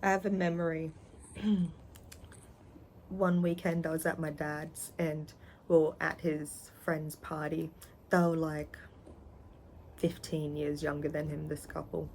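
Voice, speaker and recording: Slow, gravelly-voiced young trans man. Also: a little high, flat delivery, a little mellow, slight background noise, poor audio. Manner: candid, rambling, halting with frequent pauses. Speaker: vlogger. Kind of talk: personal storytelling vlog.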